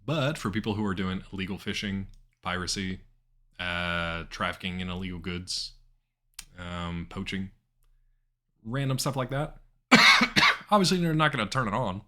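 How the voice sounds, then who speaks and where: A man rambles casually through a live game stream, his voice sitting a little low but bright and forceful. He talks to chat with many ums and restarts. Keyboard clicks tap along in the background. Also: unhurried, pauses often. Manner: rambling, chatty, with frequent fillers. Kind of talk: casual live-stream commentary while gaming.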